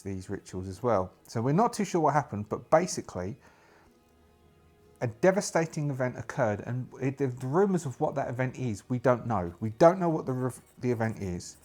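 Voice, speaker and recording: Man, solo tabletop game narrator, rambling, thinks aloud, mid-pitched, faint music behind. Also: dark tone.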